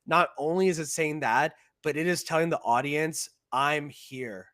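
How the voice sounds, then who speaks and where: A man co-hosting a casual reaction podcast, playful and jokey, full of "like" and quick interjections. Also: fairly high pitch, fairly bright tone, no room sound, clean studio sound. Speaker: podcast co-host.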